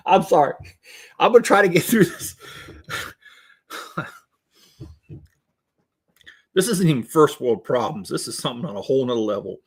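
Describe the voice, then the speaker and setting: A man chatting casually on a livestream as he builds, in a voice of ordinary middle pitch. His talk rambles, full of ums and restarts, and he often breaks into laughter. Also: sing-song, slow pace, long pauses. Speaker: livestream host building Lego.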